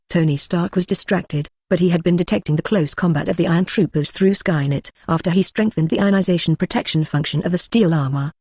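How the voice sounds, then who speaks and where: Flat synthetic audiobook narrator. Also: medium pitch, husky, no room sound, clean studio sound. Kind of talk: scripted narration.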